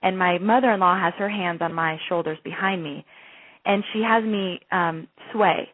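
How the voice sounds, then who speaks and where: A woman's voice: fairly low pitch, moderate pace, no echo. A woman in her thirties, a guest telling a long personal story over the phone in an earnest, gushing way, full of restarts and fillers. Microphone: telephone. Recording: tinny dry phone line.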